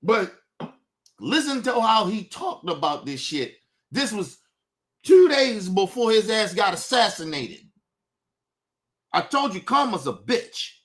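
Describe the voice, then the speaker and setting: High-voiced man ranting angrily. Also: sing-song, takes it slowly, long pauses. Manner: profane, angry, swings from muttering to shouting. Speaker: show host. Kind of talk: heated commentary rant.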